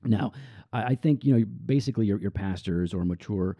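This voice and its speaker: A man's voice: on the low side, fairly quick, no echo. A man, a pastor, speaking earnestly and reflectively in a podcast interview. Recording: dull lo-fi dry sound.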